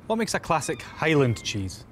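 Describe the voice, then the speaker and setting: A man's voice: a little high, sing-song, normal speed, fairly bright tone, slight background noise. A young man presenting a Gaelic learning show, cracking puns in a playful, upbeat manner. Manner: punning, jokey, upbeat. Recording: music bed behind voice.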